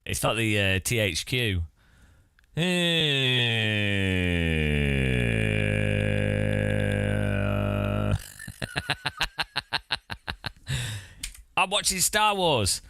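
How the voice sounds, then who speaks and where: A man's voice: fairly low pitch, very animated, extremely slow, gravelly, long pauses, pushed and bright, clean tone, no echo, clean studio sound. A man chatting casually on a live stream, playful and laughing often.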